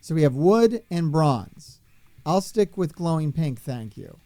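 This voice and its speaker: Exasperated while streaming a wrestling game, a man delivers swearing rants as his gameplay commentary. His voice is fairly high, animated and mellow, at a measured pace, in a dry recording.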